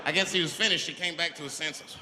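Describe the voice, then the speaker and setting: A man's voice: fairly high pitch, steady tone, quick pace, background noise. A male stand-up comedian telling a crude, profane story on stage. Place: large theater stage. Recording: live theater with long reverb and loud crowd. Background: audience laughter and applause.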